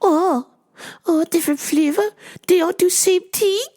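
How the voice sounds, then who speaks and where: A woman voicing a fussy older female customer who keeps asking questions in high, slow, broken English. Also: warm tone. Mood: fussy, insistent.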